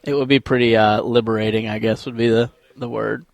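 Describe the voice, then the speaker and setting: A man's voice: mid-range voice, steady tone, fairly quick, creaky, dry recording. Reflective male co-host, hesitant phrasing, dry studio mic. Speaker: radio co-host. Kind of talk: casual radio chat.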